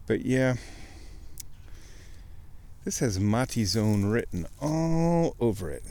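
A man hosting a casual nature chat outdoors by a creek, a chatty storyteller who jumps into high mock voices when quoting people. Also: big pitch swings, slow pace, darkish tone. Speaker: host.

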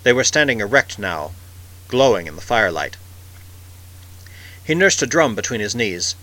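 A man narrating a science fiction story in a measured, vivid way. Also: fairly low pitch, very animated, bright, forceful tone, poor audio. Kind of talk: scripted audiobook narration.

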